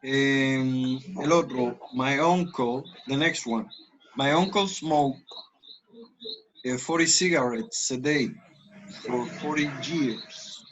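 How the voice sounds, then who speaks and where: A man with a Spanish accent teaching English, explaining grammar and slowly modeling example sentences. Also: medium pitch, a bit bright, lo-fi sound, slight background noise. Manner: switches between languages, slow deliberate model sentences. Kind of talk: online class, explaining grammar.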